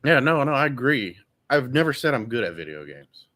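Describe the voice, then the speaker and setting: A man of middle pitch sits in as guest co-host on a casual show. He rambles, grumbles with frustration, and freely admits he is bad at the games he plays. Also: big pitch swings, fairly quick, sharp tone, no echo. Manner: rambling, self-deprecating, griping with frustration. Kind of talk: casual podcast chat.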